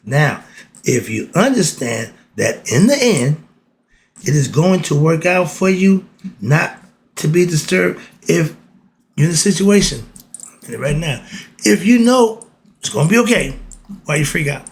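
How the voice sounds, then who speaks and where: A man's voice: on the high side, expressive, unhurried, gravelly, long pauses, a little hiss or hum. A man giving a casual spiritual talk, asking himself rhetorical questions and answering them. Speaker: spiritual teacher.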